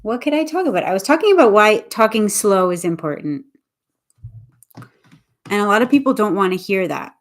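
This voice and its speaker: A woman English teacher chatting casually on a livestream, talking quickly and interrupting herself as she speaks to viewers. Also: mid-range voice, lively intonation. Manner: fast, chatty, self-interrupting, talks to viewers.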